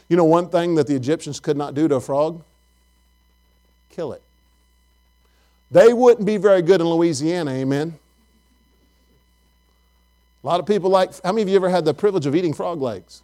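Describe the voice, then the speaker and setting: Middle-aged preacher, man with a high voice, folksy, animated storyteller. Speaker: pastor. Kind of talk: sermon.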